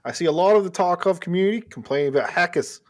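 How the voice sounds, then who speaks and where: A chirpy, upbeat Australian bloke, as a man puts on the accent reading a letter aloud. The voice sits noticeably higher and louder than the speaker's usual talk, bright and bouncy on every line. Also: expressive, fast talker. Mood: cheery. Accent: put-on Australian. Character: cheery male Australian listener writing in.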